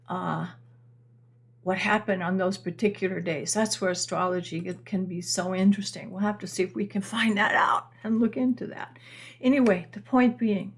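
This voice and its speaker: An older woman hosts an astrology stream and tells a story at a relaxed, rambling pace. She circles back on herself, restarts her sentences and stops to answer viewers. Her voice sits at an ordinary middle pitch for a woman. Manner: chatty and meandering, with many restarts. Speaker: astrology channel host. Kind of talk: live-stream storytelling chat.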